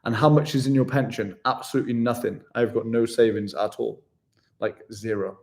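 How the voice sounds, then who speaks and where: A man's voice: medium pitch, steady tone, fairly quick, darkish tone. A man, chatting casually as he answers viewer questions in a vlog, self-deprecating and calling people "mate". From West Yorkshire, England. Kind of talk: casual live Q&A.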